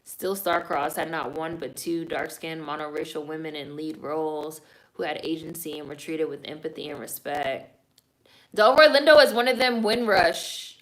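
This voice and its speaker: A woman's voice: deep voice, fairly bright tone. A woman streaming live and reading viewer comments aloud, talking bluntly and loosely, with plenty of swearing and fillers. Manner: blunt, opinionated, frequently swearing; loose talk full of fillers like "like" and "y'all".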